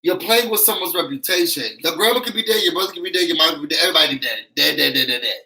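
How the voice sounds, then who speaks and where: Sassy, animated man reviewing reality TV. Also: sits high, rapid-fire, low-quality recording. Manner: sassy, emphatic, acts out quotes. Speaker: YouTube reality-show reviewer. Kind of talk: animated recap commentary.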